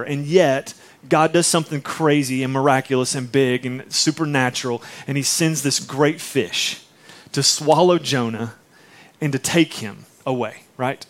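Male pastor, higher voice, conversational storytelling sermon. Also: moderate pace. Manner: conversational, animated storytelling with frequent asides.

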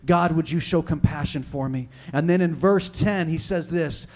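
High-voiced impassioned male preacher. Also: normal speed, hardly any pauses. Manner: impassioned preaching, swinging between loud and hushed. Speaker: pastor. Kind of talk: sermon.

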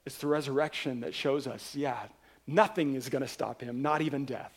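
A man preaching a sermon as pastor, telling a story in an animated way and driving points home with emphatic repetition. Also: mid-range voice, moderate pace.

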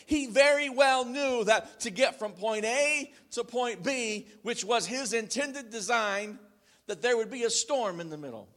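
Guy pastor preaching, high-ish voice, goes loud then real quiet, very dramatic. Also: expressive, measured pace. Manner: dramatic swings between loud and hushed. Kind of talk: sermon.

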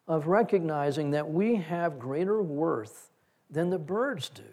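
A middle-aged pastor preaching in a relaxed, story-telling manner with a slightly high voice. His phrases often trail off softly, and he sounds like he's talking with his congregation rather than lecturing. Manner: conversational, folksy preaching with stories. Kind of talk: sermon.

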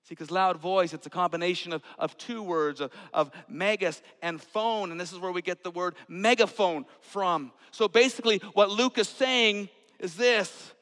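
A man preaching a sermon, swinging from hushed whispers to loud outbursts. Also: high-pitched, clear, resonant tone. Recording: long hall reverb.

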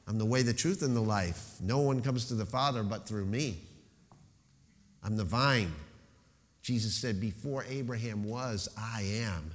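Emphatic preaching man in a reverberant hall. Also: fairly low pitch. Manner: emphatic preaching with slowed, stressed phrases and falling rhetorical questions. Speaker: pastor. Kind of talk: sermon.

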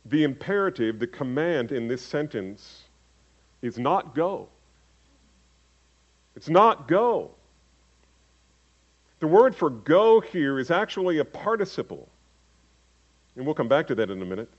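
A man preaching a sermon as pastor, swinging from loud emphatic calls to hushed low asides. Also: sing-song, a little slow, long pauses. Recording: dull lo-fi sermon recording.

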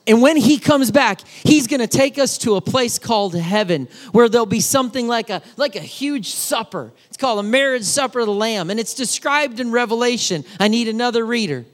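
A man giving a children's sermon, animated and emphatic, talking straight to the kids. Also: very high-pitched, fairly quick, few pauses. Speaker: children's pastor.

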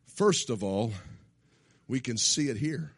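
A man preaching a sermon in a church, shouting his points, then dropping to quiet asides. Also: medium pitch, expressive, takes it slowly, no room sound, studio quality. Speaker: pastor. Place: church sanctuary.

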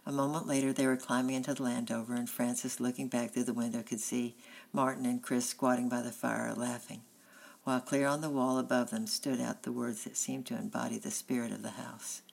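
A woman narrates a children's storybook in a steady, unhurried voice. Her pitch is strikingly low, and a gravelly creak runs under her words. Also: rough recording. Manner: steady, plain reading. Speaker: audiobook reader.

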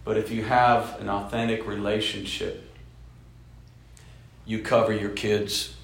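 A man in his fifties preaching a sermon as a bishop, telling stories and swinging between loud emphasis and soft, hushed passages. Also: fairly low pitch, level tone, a little slow, vocal fry, reverberant. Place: church sanctuary.

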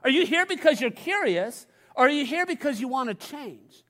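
A man with a notably high voice preaches to his congregation in a church. His delivery is conversational, and he circles back to repeat key phrases. He drops playful asides along the way. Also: very animated, moderate pace, bright, forceful tone. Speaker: pastor. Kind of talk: sermon. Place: church sanctuary.

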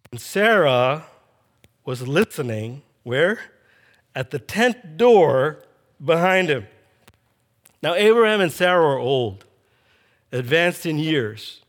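A man's voice: fairly high pitch, sing-song, unhurried, long pauses. A man preaching a sermon, telling a scripture story with animation and acting out the quoted lines.

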